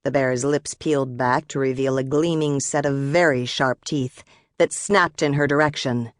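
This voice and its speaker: Audiobook narrator: woman, low voice, measured and expressive, dry studio sound. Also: dry recording.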